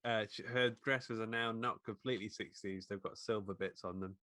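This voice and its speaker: A man co-hosting a podcast, calmly filling in plot details during a casual horror film chat. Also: fairly low pitch, normal speed, no room sound, studio quality. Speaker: podcast co-host.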